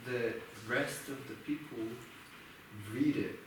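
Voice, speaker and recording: A young man with an Israeli accent, a musician telling stories of growing up in a loose, animated way. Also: medium pitch, slow pace. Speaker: musician sharing his story. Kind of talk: casual conversation. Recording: echoey room, from far off, faint noise.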